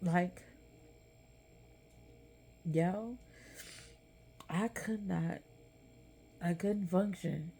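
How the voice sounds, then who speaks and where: A woman's voice: lowish voice, drawn-out words, gravelly, pauses often, mellow, slightly rough. A middle-aged woman, telling a personal story candidly and with emotion, talking straight to her viewers. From Texas. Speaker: vlogger. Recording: light background noise.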